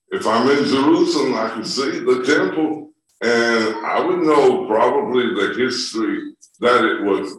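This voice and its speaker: Slow, measured man preaching in an echoey hall. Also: medium pitch. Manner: measured, deliberate reading with emphatic repetition. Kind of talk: sermon with scripture reading. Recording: echoey room from far off.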